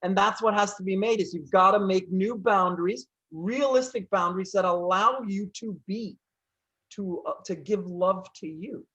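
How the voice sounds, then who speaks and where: A man's voice: high-pitched, moderate pace, a bit bright. A man coaching in casual conversation, speaking in emphatic, repetitive affirmations over a video call. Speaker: life coach.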